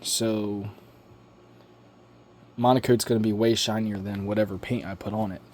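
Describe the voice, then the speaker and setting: A man's voice: on the low side, flat delivery, normal speed, a little mellow. A man talking through his build in a home workshop, loose and rambling. His delivery is offhand, full of slang and the odd curse. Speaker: hobbyist building a model plane. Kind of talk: casual workshop vlog.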